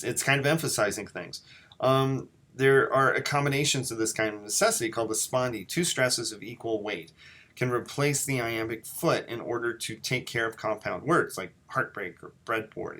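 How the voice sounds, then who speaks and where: A man giving a recorded lecture on poetry at a steady middle pitch. He thinks aloud as he goes, restarting his phrases and reading passages out to make his point. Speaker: teacher.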